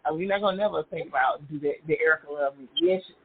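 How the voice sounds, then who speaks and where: A man chatting as a podcast guest, telling animated, laughing stories in a casual conversation. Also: fairly high pitch, very fast, slight background noise. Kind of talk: casual chat. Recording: tinny phone-like line.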